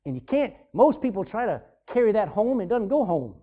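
A man's voice: high voice, very animated, fairly quick. A man preaching a sermon in a conversational way, acting out scenes in different voices. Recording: tinny phone-like sound.

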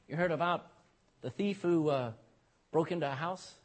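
Male pastor, sermon, high voice, husky, emphatic, peppered with amens. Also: moderate pace. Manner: emphatic, repeats "amen" and "you know".

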